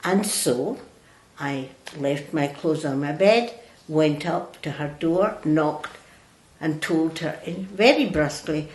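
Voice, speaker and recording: An older woman who is a religious sister tells her own story slowly and reflectively, with hesitations and restarts. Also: sits low. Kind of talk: reflective personal storytelling in an interview. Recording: roomy echo.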